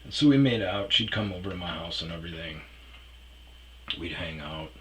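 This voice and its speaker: Low-voiced man telling a rambling story. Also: moderate pace, a bit bright, slight background noise, poor audio. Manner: profane, rambling, trails off with fillers. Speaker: storyteller host. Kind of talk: casual storytelling monologue.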